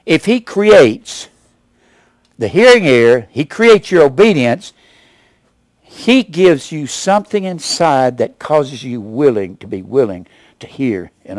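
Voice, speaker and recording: A man in his seventies preaching a sermon as pastor, with emphatic rises and sudden low asides. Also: no room sound. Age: 70s. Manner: emphatic preaching, rising to loud punches then dropping low.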